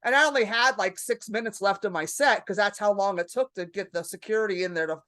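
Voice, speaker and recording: A woman's voice: mid-range voice, quick pace, sharp tone. A woman in her fifties, a comedian guest on a podcast, telling stories in a brash, profane, casual way.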